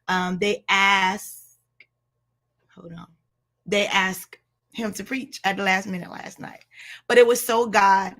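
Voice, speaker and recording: Chatty woman hosting a home livestream. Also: medium pitch. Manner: chatty, warm address to viewers, frequent ums. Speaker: women's ministry leader, pastor's wife. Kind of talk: casual livestream chat.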